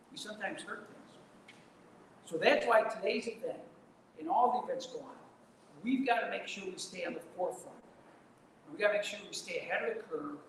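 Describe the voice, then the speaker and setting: A mayor giving a folksy, emphatic speech at a community event. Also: male voice, sits high. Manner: folksy, emphatic, repetitive rallying. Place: large indoor event hall. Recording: very echoey hall, some noise.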